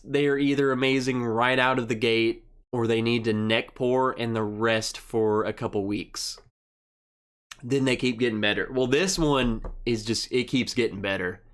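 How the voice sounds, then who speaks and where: A man's voice: medium pitch, fairly even intonation, a little slow. A young man hosting a casual live stream, rambling through an army story and reading viewer comments aloud. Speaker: livestream host.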